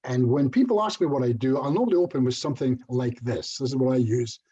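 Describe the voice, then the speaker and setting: A man's voice: medium pitch, lively intonation, fast, mellow, slightly rough, highs cut off. A middle-aged Scottish man giving a casual online presentation as a hypnotherapist, chatty and self-deprecating, with little jokes. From Scotland.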